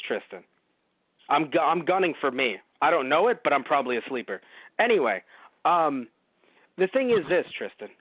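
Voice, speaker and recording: A man's voice: on the high side, no room sound, narrow, tinny audio. A man co-hosting a podcast, reviewing a movie in casual, rambling chat, sarcastic and swearing freely. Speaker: podcast co-host.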